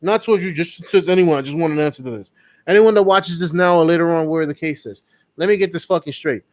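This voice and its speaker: Fired-up man ranting, high voice. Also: quick pace. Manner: heated, profane ranting with repetitions. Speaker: co-host of a live fight reaction show. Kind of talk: casual live reaction chat.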